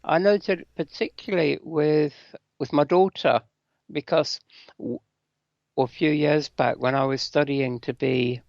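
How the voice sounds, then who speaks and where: An older man from England, a guest telling his life story in a thoughtful, soft-spoken way over a dull lo-fi line. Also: a little high, fairly even intonation, measured pace, vocal fry, no room sound. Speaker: interview guest. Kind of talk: interview.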